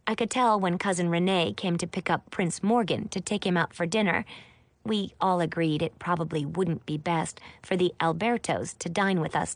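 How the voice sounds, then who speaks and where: A woman's voice: fairly low pitch, dry recording. A woman reading a first-person audiobook in a chatty, wry storytelling manner. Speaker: audiobook narrator.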